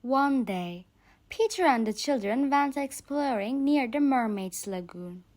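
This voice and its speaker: Slow, high-voiced woman storyteller. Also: animated, a little mellow. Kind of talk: bedtime story reading for English learners.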